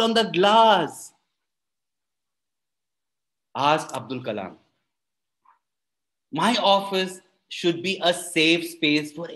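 A man's voice: high voice, fairly bright tone. A man telling a story performatively to children and adults, often quizzing the audience.

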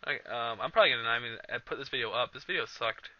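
A man commentating a video game in a loud, profane, excitable way, recorded on a cheap computer mic. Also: mid-range voice, rapid-fire, highs cut off. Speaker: let's play host. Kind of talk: casual gameplay commentary.

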